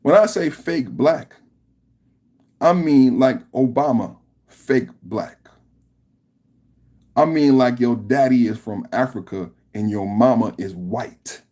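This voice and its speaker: Man, podcast host, husky voice, lively pitch, emphatic slangy rant. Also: takes it slowly, pauses often. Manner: animated, emphatic, slangy, repetitive. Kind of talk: political reaction rant.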